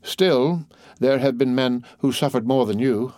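A man's voice: mid-range voice, measured pace, a little mellow, no room sound, clean studio sound, lightly acted. A man doing a cool, detached bandit chief. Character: calm male bandit chief, cool and mocking. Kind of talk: audiobook character voice.

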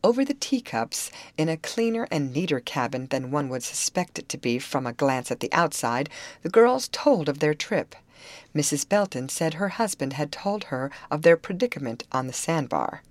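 A woman reading a storybook aloud as narrator, in an expressive way. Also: low voice, moderate pace, dry recording. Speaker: audiobook reader.

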